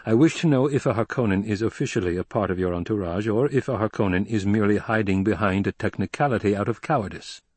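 Male reader as a cold young duke, firm, husky, dry. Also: fairly low pitch, darkish tone, dry recording. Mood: cold resolve. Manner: measured, firm.

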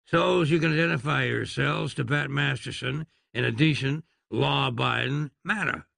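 A stern older frontier marshal with a slow, dry drawl, as a man narrating a storybook plays him. The voice is gravelly and intimate, close to the mic in a dead, dry space. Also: medium pitch, fairly bright tone, no echo. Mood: menacing drawl.

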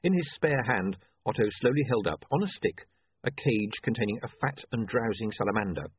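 A man narrating a story in a dry, measured way. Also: lowish voice, animated, breathy edge, no room sound. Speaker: audiobook narrator. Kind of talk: scripted narration. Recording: tinny phone-like, dry.

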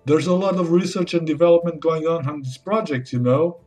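Upbeat guy in a comedy sketch, fairly high voice, talks like an office memo. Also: fairly quick, darkish tone, soft background music. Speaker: sketch actor playing a corporate-speak husband.

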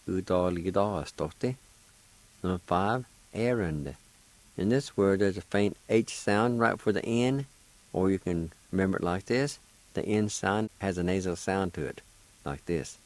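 On a radio language lesson, a man patiently spells out and pronounces words one syllable at a time, then signs off encouragingly. He's a language teacher and radio host whose low, darkish voice moves a little slowly; the recording is low quality and dry, with no room sound.

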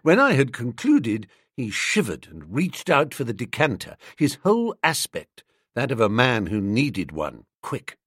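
Man, audiobook narrator, wry first-person storytelling, husky, lively pitch. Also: measured pace, dry recording, clean studio sound.

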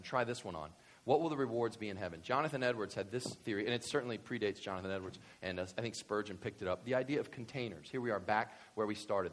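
Animated man preaching a sermon. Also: lowish voice. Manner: animated, swings from quiet to loud excited bursts. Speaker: pastor.

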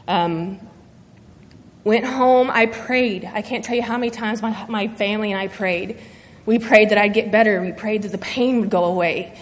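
A woman sharing a personal faith testimony before her church, speaking earnestly and haltingly through emotion. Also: mid-range voice. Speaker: church member giving testimony. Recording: long reverb of a large hall.

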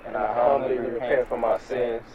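An actor playing an agitated young man worn out from street life, frantic and cursing with his voice cracking high. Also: little pitch movement, normal speed, phone-quality sound, a loud crowd, close to an everyday voice. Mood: repentant. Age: young adult. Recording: street noise behind.

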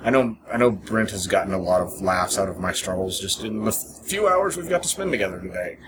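A man's voice: sits low, expressive, a little fast. A man co-hosting a podcast, rambling through a story in casual chat, often laughing and acting out bits. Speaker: podcast co-host. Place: hotel lobby. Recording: noisy lobby ambience.

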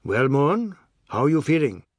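A man's voice: a little high, big pitch swings, moderate pace, husky, no echo. A man voicing a blunt, matter-of-fact male family elder.

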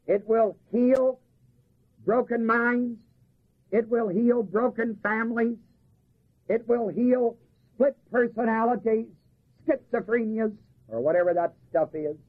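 Husky high-voiced preacher on a tinny recording. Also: male voice. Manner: asks the congregation to fill in words, slows to stress key phrases. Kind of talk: sermon.

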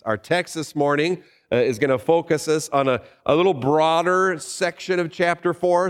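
In a large hall, a male pastor with a mid-range voice preaches in a conversational style. He keeps putting rhetorical questions to his listeners.

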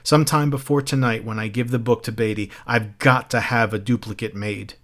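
A man's voice: mid-range voice, steady tone, a little fast, fairly bright tone, close to an everyday voice. A man voicing a troubled, searching fireman who talks earnestly and urgently.

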